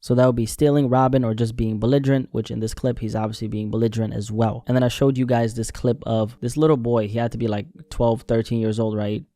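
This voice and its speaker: A man hosting an online news commentary, talking earnestly and slowing down to stress his key points. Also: mid-range voice, flat delivery, warm tone, no echo, clean studio sound. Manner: earnest, emphatic, slows down to stress key words. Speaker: commentary channel host.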